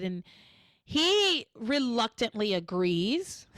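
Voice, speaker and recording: Woman hosting a podcast, kinda high voice, very dry, acts out all the quotes. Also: measured pace, no room sound. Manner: animated retelling, acts out quotes. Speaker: podcast host. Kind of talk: casual recap chat.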